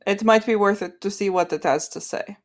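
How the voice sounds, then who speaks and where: A woman's voice: mid-range voice, lightly acted. A woman playing a stern, formal spear warrior. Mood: calm prodding. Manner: formal and measured, speaks without contractions.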